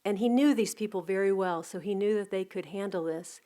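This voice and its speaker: A middle-aged woman giving a reflective spiritual talk, telling anecdotes in a gentle, unhurried way with soft restarts. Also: medium pitch. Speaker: spiritual community teacher.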